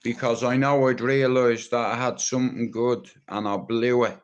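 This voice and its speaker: A man's voice: mid-range voice, level tone, normal speed, smooth, muffled recording. An Irish man talking on a live stream in a rambling, blunt and teasing way, with plenty of swearing. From Ireland. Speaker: livestreamer.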